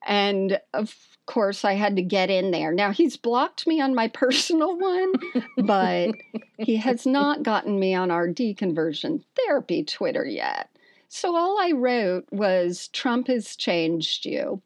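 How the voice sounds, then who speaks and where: A woman's voice: medium pitch, big pitch swings, unhurried, no room sound. A woman co-hosting a podcast, telling funny stories in a sarcastic, laughing, casual way. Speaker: podcast co-host. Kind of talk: casual chat.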